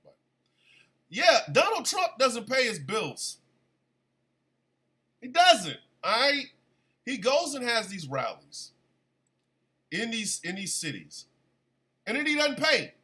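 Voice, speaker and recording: A man hosting a casual live radio show, chatty and animated, still congested from an illness. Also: extremely high pitch, slow pace, long pauses. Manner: chatty, animated, shouts at his dogs. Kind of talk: casual livestream talk radio.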